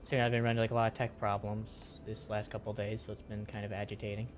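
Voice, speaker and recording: A man with a fairly low voice talks himself through a game in a relaxed, chatty way. He swaps in mild minced oaths for stronger words. Soft music sits faintly underneath. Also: quick pace. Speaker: streamer. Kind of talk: casual gameplay commentary.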